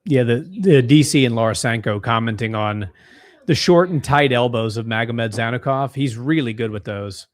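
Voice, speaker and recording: Excitable man calling a fight live. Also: medium pitch, normal speed. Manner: excitable, gasping at big strikes. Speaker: co-host of a fight watch-along stream. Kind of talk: live fight commentary with chat reading.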